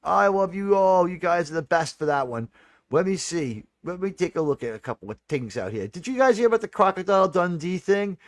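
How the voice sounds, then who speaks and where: A man's voice: sits high, brisk, no room sound, studio quality. A middle-aged man with a New York accent, chatting casually with viewers as a live stream host, rambling and restarting his sentences. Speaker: livestream host.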